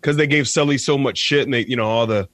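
A young man co-hosting a radio show, teasing and animated in profane casual banter. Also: medium pitch, quick pace, no room sound. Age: young adult. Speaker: radio co-host.

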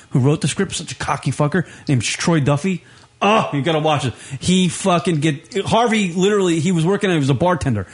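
A man hosting a casual talk show, rambling with enthusiasm through recommendations. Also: fairly high pitch. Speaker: host. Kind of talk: casual chat.

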